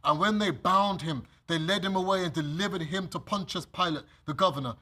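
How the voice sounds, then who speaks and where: A British male preacher with a high, bright voice speaks fairly quickly while leading a bible study. His sermon includes scripture reading, and he's animated, acting out scenes and laughing often.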